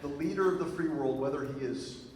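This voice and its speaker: A man giving a speech to a live audience, telling stories in an animated way with lots of fillers and asides. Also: fairly high pitch, brisk, a faint crowd. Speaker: speaker. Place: event hall with an audience. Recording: very echoey hall from far off, noisy.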